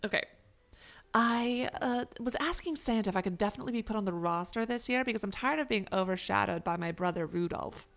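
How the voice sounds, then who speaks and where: A woman voicing a reindeer who was turned into a confused man, explaining his story slowly and earnestly. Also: medium pitch, fairly bright tone, natural voice. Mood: bewildered. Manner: slow, earnest, bewildered storytelling.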